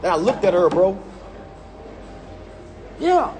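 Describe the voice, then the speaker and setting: A man's voice: fairly high pitch, normal speed, a little mellow, faint music behind. A middle-aged man, angrily live-streaming a complaint on his phone inside a gym, emphatic and repeating himself. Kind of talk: heated live-stream rant. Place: indoor gym.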